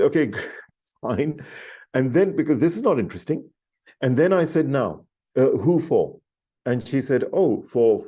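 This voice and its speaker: A middle-aged man telling a story as a podcast guest, animated and enthusiastic, often restarting his sentences. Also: mid-range voice. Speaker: podcast guest, leadership author. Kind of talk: storytelling in an interview.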